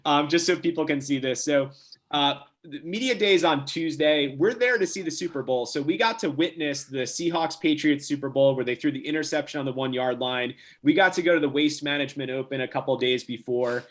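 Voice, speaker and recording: A young man from New Jersey, a podcast guest telling a casual story with lively, quick restarts. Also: a little high. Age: young adult.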